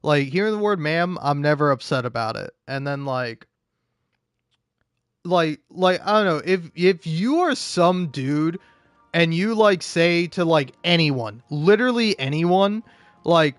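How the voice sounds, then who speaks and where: A man's voice: fairly high pitch, expressive, measured pace, smooth, no room sound. A drunk man rambling profanely in casual gaming commentary, full of restarts and fillers. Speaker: gaming YouTuber.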